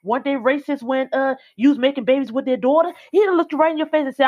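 Blunt, high-voiced woman ranting emphatically. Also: expressive, quick pace, hardly any pauses, a little mellow, lo-fi sound. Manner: blunt, emphatic, hammering repetition. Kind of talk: opinionated casual chat.

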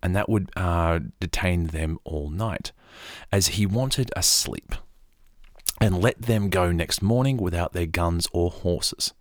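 An Australian man narrating a story in a calm, soft-spoken way for a podcast, with casual asides. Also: deep voice, slow, no echo, studio quality.

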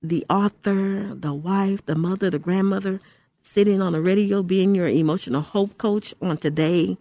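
A woman's voice: medium pitch, fairly even intonation, normal speed, dark tone, no room sound. An older woman hosting Christian radio from a studio mic, her voice dry and close. She is from Houston and speaks with emphatic exhortation, doubling back on phrases to drive them home. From Houston, Texas. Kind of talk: radio ministry talk.

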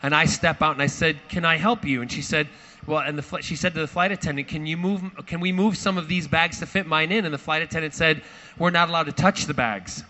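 A man telling a lively anecdote to a live audience, theatrical and acting out quoted voices. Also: fairly high pitch, fast talker. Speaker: actor at a fan panel.

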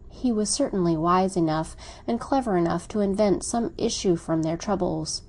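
Woman narrator for a classic novel audiobook, measured and mid-pitched. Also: darkish tone.

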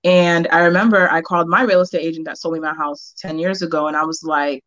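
A woman in her thirties from Boston, chatting as an interview guest. She tells her story candidly and laughs easily, in a somewhat low voice. The sound is dry and a little dull. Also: fairly even intonation, fast talker, hardly any pauses, a bit bright, no echo. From Boston, United States. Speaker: real estate agent, guest. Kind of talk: casual interview chat.

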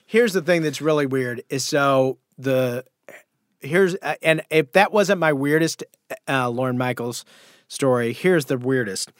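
A man's voice: medium pitch, a little slow, no echo, studio quality. A man guest telling a story in a casual interview, acting out the voices of the people in it. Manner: animated anecdote telling with acted-out quotes. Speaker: guest comedian and actor.

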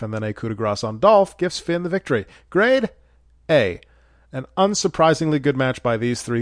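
A man's voice: on the high side, darkish tone, dry recording. Sarcastic man recapping wrestling, dry sound. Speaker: podcast host reviewing wrestling shows. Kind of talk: scripted recap with sarcastic asides.

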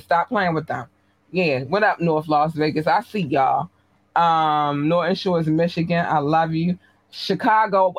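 A woman podcast host giving casual live-stream shout-outs to her listeners, talking in a slangy, blunt, chatty way. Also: sits low.

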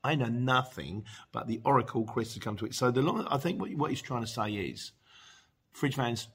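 Husky British man chatting casually. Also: mid-range voice, moderate pace. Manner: chatty, rambling, with frequent restarts and laughs. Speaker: podcast host reading listener messages. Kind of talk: casual chat.

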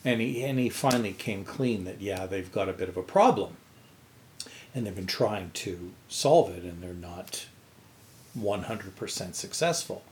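A man's voice: deep voice, a little slow, a little hiss or hum. A man co-hosting a podcast, telling a restaurant story in casual chat. He swears freely and acts out the quotes. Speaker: podcast co-host.

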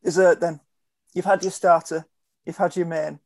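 A man's voice: a little high, level tone, moderate pace, gravelly, a little mellow, dry recording. A man hosting a casual podcast chat, asking questions and teasing his guests. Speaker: podcast host.

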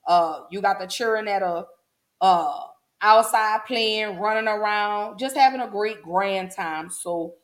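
A woman hosting a casual solo podcast, chatting folksily with her listeners. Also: medium pitch. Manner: chatty, folksy, addresses listeners as y'all and baby. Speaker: podcast host.

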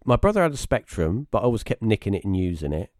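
A man with a British accent, a guest telling rambling personal stories casually, restarting often and jumping into high voices when he quotes people. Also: sing-song, fast talker, a little mellow, no room sound, studio quality. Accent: British English. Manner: rambling anecdotal storytelling with many restarts; acts out quoted voices with sudden high pitch. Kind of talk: casual storytelling on a live stream.

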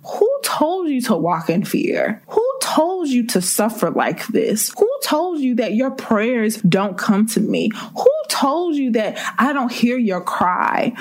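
A woman's voice: high-pitched, expressive, measured pace, few pauses. A woman preaching a sermon with impassioned, repeated rhetorical questions.

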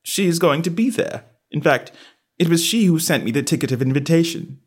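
A bashful, nervous young gentleman, as a male reader puts him on, speaking in a diffident, toneless way. The voice is slightly husky, and the pitch still moves about freely. He sounds like a character from a storybook reading. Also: expressive, normal speed. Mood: meek.

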